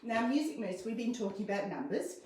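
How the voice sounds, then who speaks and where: A woman hosting a live children's music show from her garage, coaxing and gentle, her voice a little strained. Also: on the high side, big pitch swings, brisk. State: losing her voice. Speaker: children's singer-songwriter. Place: home garage. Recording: echoey garage from far off.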